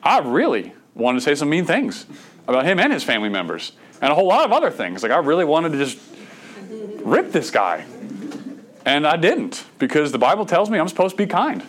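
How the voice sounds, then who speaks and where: A man's voice: fairly high pitch, huge pitch swings, a little fast. A middle-aged man, preaching a sermon in a conversational way, with stammered restarts and bursts of emphasis. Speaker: pastor.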